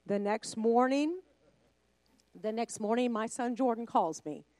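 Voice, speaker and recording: A woman's voice: a little high, a little slow, mellow, no echo. Middle-aged woman preaching with storytelling passion. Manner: storytelling, acting out dialogue, rising to passionate emphasis. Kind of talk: sermon storytelling.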